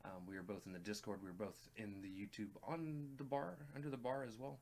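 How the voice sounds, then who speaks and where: A man's voice: lowish voice, fairly even intonation, brisk, a little mellow. A man co-hosting a music reaction video in casual chat, speaking earnestly and plainly, often addressing viewers directly. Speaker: reaction channel co-host.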